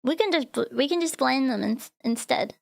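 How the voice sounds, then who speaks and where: A woman with an Australian accent talks in a high, bright-pitched voice, chatting loosely on a live stream. She rambles from thought to thought and fills the gaps with "like" as she reacts to her chat. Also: lively intonation, moderate pace, gravelly. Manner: rambling, chatty, full of "like" fillers, reads chat aloud. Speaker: VTuber streamer.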